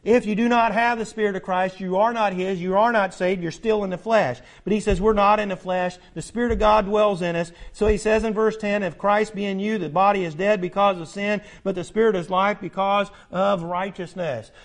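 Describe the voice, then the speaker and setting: An older male pastor delivers a sermon in a high voice. He hammers points with repeated words. He drops to hushed asides between loud declarations. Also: fairly even intonation, normal speed, hardly any pauses. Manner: preacherly, emphatic repetitions, swings between loud and hushed.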